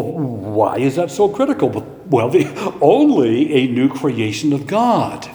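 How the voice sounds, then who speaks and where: A man's voice: mid-range voice, warm tone. A man preaching a sermon as pastor, in a conversational style, asking rhetorical questions and answering them himself. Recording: echoey hall with long reverb.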